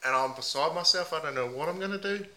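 A man doing a rough Aussie bloke saying mate. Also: on the high side, fast talker, pushed and bright, poor audio. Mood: mock-earnest. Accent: broad put-on Australian. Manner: says "mate" constantly, mock-earnest. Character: rough male bloke down on his luck. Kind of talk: improvised comedy character.

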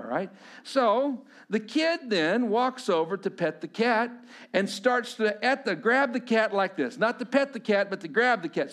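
Guy with a high voice giving a sermon, casual storytelling, keeps asking the crowd stuff. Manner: conversational storytelling with asides to the congregation. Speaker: pastor.

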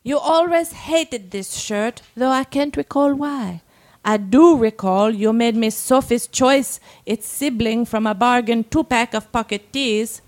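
A woman hosting a casual chat, playfully reading listener writing aloud with dramatic pauses. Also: a little high. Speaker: host reading listener submissions.

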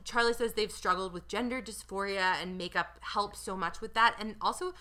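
A woman chatting casually as a podcast co-host, animated and quick to quote people in little voices. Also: medium pitch. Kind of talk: casual chat.

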